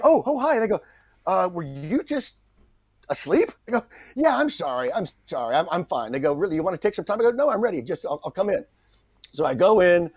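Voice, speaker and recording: With a medium-pitched voice and no echo around him, a middle-aged actor guest recounts an anecdote. He's animated throughout and acts out the voices of the people involved.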